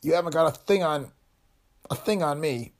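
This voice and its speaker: A man's voice: on the low side, huge pitch swings, fast talker. A man voicing a scheming lawyer who is cornered and protesting, in an audiobook reading. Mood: gasping. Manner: protesting, panicky. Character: scheming middle-aged male lawyer, cornered and panicky.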